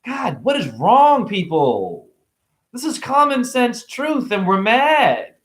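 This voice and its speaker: High-voiced, lively man ranting to camera. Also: takes it slowly. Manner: animated, preachy, joking, exclaiming; swears casually. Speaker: spiritual vlogger. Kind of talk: rambling monologue to camera.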